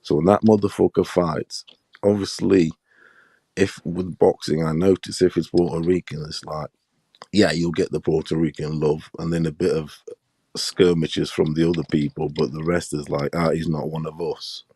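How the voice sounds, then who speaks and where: A man's voice: a bass voice, level tone, normal speed, mellow, husky, no echo, studio quality. A man hosting a live boxing talk show in casual, blunt, profane chat, pressing his points hard.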